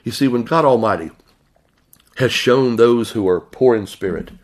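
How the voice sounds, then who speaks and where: A man preaching a sermon, pressing the listener with repeated questions and reading scripture aloud in slow, stressed phrases. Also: mid-range voice. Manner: emphatic, repeating rhetorical questions.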